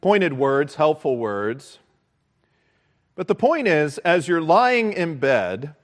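Man preaching, slow delivery, earnest, emphatic repetition, sermon. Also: a little high. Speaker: pastor.

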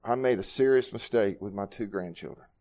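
A man, preaching a sermon at a Bible study, telling personal stories earnestly and moving from quiet, low passages to loud, raised ones. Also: a little fast. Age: 60s. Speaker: pastor.

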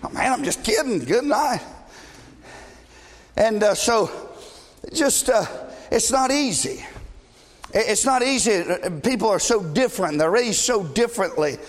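A middle-aged man preaching a sermon as pastor, blunt and passionate, shouting at times and joking with the congregation. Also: high voice, animated, unhurried, pauses often. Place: church sanctuary. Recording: long reverb of a large church hall.

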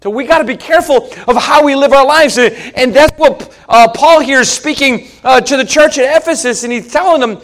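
A man's voice: very high-pitched, brisk, hardly any pauses, a bit bright. A man preaching a sermon in a folksy, emphatic way, asking the congregation rhetorical questions.

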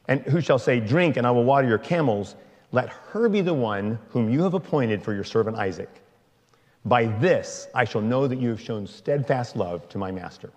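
A man reading a long scripture passage aloud in a slow, measured way. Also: medium pitch, darkish tone, long reverb tail. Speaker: scripture reader.

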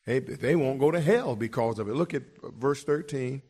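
A man's voice: medium pitch, a little fast, a little mellow, slightly rough. A middle-aged man preaching a sermon emphatically, repeating words as he builds each point.

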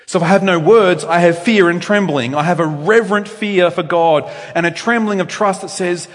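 A man preaching a sermon in a church, with animated delivery that swings between loud emphasis and quiet reflection. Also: high-pitched, moderate pace, hardly any pauses. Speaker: pastor. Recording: long reverb in a church.

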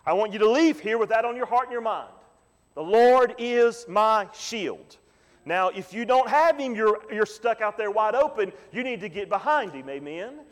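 A man preaching a Sunday sermon as pastor, often asking the congregation "Amen?" and repeating key lines slowly for emphasis. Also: high-pitched, lively intonation. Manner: preaching with call-and-response "Amen?" asides. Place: church sanctuary. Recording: long hall reverb.

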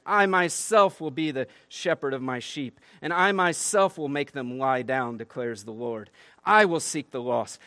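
A pastor preaches a sermon in a medium-pitched voice that sounds pushed and bright, with no echo. He reads scripture with rising emphasis, then slips into conversational asides that end in "right?".

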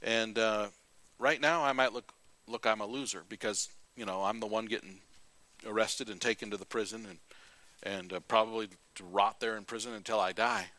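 A male preacher who retells scripture with animated, folksy asides, in a bright and forceful voice. The recording is close and dry, with almost no room sound. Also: fairly low pitch, normal speed, no echo. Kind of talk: sermon.

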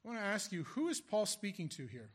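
A male pastor gives a sermon in a fairly high, husky voice, talking fast with a sing-song lilt. He reads scripture conversationally, then poses rhetorical questions to his listeners.

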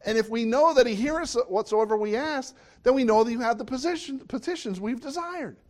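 A man's voice: very high-pitched, fairly quick. A middle-aged man preaching a sermon in a conversational way, often asking the listeners questions. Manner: conversational, asks the audience questions.

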